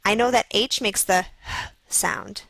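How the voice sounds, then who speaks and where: A woman narrating a scripted phonics video for children, slowly sounding out letters and words. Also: medium pitch, a bit bright, no room sound, low-quality recording. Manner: slow, clearly sounding out letters.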